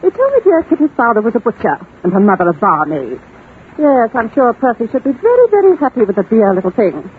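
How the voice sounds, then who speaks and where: A woman's voice: a little high, sing-song, fast, a little hiss or hum. A woman playing a scheming, haughty aristocratic widow in a 1940s radio drama, with a sweet, catty manner. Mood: sweetly malicious. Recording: tinny old 1940s radio broadcast.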